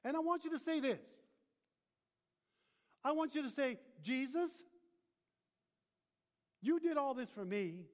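A man voicing an older male archbishop who speaks with measured, insistent repetition. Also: very high-pitched, expressive, long reverb tail, voice pushed up. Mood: firm, earnest. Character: older male archbishop, stern but gentle.

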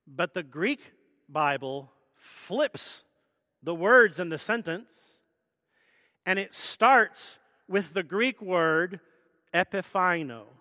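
Bright-voiced male pastor preaching. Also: high-pitched, expressive, slow pace, no room sound, studio quality, long reverb tail. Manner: conversational teaching with self-deprecating jokes. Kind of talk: sermon.

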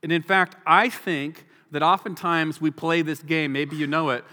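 A man preaching a sermon as pastor, animated, acting out the people in the story. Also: a little high. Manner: animated, acts out the people in the story in quick voices. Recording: long hall reverb.

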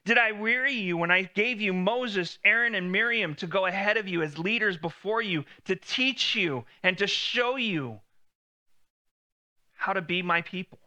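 A man's voice: sits high, normal speed, sharp tone. A man preaching a sermon in a conversational way, lifting his voice when he quotes God.

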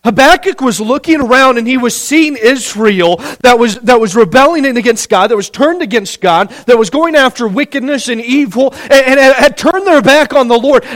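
A man. He is earnest and often stumbles over repeated words as he builds toward a point. Between stretches of quiet he voices pleading prayers. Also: very high-pitched, animated, normal speed, few pauses. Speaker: preacher. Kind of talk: sermon.

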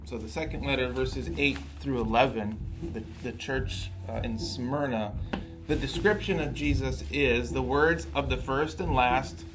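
A man teaching a Bible study group in a relaxed, conversational way, often repeating words and checking in with his listeners. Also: medium pitch, unhurried, over music.

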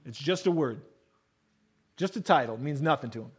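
A male pastor giving a sermon in a conversational way, reading verses and then explaining them, often dropping low and soft on key phrases. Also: lively intonation, brisk, breathy edge, rough recording. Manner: conversational preaching, reads scripture then explains with acted-out voices.

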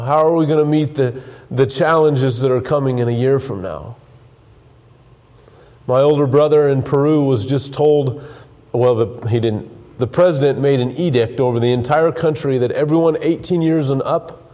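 Preaching man with a mellow voice. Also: mid-range voice. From United States. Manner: earnest preaching with repeated restarts, reading King James scripture aloud. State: losing his voice. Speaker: pastor. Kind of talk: sermon.

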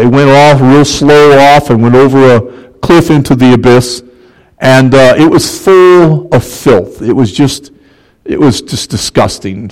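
A man's voice: medium pitch, a little mellow, rough recording. A man preaching a sermon in a conversational way, often checking in with the listeners with "okay?" and repeating words as he goes.

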